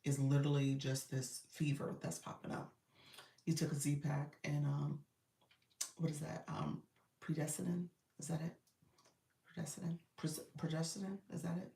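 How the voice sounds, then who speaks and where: A woman's voice: deep voice, little pitch movement, normal speed, creaky, mellow. A woman coach chatting casually on a live stream, loose and talkative with lots of fillers. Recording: roomy, distant phone audio.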